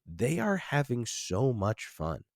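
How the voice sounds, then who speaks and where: Brief: male podcast host, mid-pitched, meandering and thoughtful, dry close-mic sound. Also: wildly swooping pitch, slow pace, dry recording. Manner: rambling, many restarts and fillers, reflective. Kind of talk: casual film discussion.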